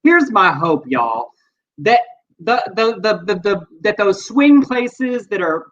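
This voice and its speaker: A Texan man co-hosts a casual livestream with a high, bright voice. He reads viewer comments aloud in a chatty, animated way. The stream audio is dull and lo-fi. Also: takes it slowly, a little hiss or hum. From Texas. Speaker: co-host.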